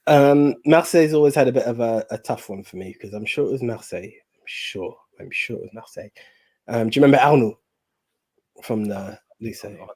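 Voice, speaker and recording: A man co-hosting a casual movie chat, relaxed and a little hesitant, often repeating words as he talks. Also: mid-range voice, brisk, breathy edge. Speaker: co-host of a movie podcast.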